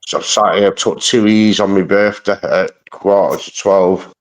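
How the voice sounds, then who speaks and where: A man with a Mancunian accent and a low, deep voice hosts a live stream. He rambles loosely through slangy stories and swears freely in casual chat. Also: steady tone, a little slow. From Manchester, England.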